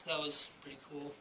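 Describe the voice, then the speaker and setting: A man's voice: a little high, very noisy. A young man telling a casual vlog story at home, rambling with many ums and likes and laughing often. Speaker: vlogger. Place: at home, indoors.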